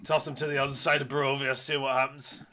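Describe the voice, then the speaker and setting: A man playing a cheeky, gruff caravan owner. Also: mid-range voice, little pitch movement, fast, a little hiss or hum, lightly acted. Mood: wry. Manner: played in a plain London-cabbie voice, crude and joking.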